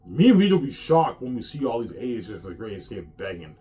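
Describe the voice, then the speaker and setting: A man's voice: medium pitch, sing-song, fast talker, warm tone. A man hosting a casual solo show, talking in a brash, boastful, repetitive way. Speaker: show host.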